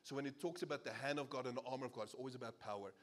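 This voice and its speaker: A South African-accented man preaching a sermon as pastor, animated and playful, laughing as he jokes with the congregation. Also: mid-range voice, racing. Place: church service.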